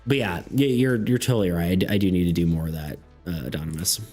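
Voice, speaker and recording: A man's voice: sits low, quick pace, darkish tone, faint music behind. A man streaming, chatting casually and reading chat messages aloud, full of fillers and restarts.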